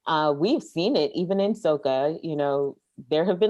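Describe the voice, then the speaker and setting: A Caribbean American woman with a low voice co-hosts a relaxed podcast chat. She jokes easily but presses her advice home with emphatic repetition. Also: moderate pace, few pauses. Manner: playful, giving emphatic advice. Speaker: podcast co-host.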